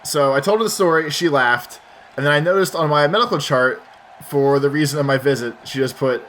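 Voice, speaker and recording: A man's voice: on the high side, fairly quick, fairly bright tone, a little hiss or hum. A young man, a let's play commentator, casually telling a rambling, self-deprecating story over gameplay.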